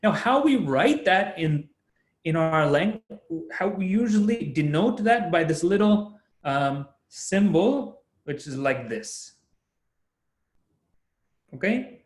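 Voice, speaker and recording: A young man leads an online lesson at an unhurried pace, breaking each point into patient steps and laughing easily as he goes. His voice sits a bit high for a man. The sound carries a clear room echo, as if picked up over a video call. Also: lively intonation. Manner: patient, explains step by step, laughs often. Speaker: Sanskrit teacher. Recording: echoey room.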